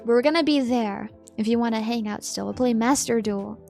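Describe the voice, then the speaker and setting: A woman's voice: a little high, moderate pace, vocal fry, darkish tone, soft background music. A sleepy woman streamer chatting casually with her viewers, giggling as she reads their messages aloud and answers them.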